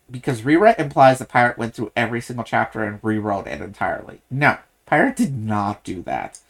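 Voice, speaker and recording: Casting: podcast co-host who keeps restarting sentences, mid-pitched, casual book chat. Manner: halting, many restarts and self-corrections.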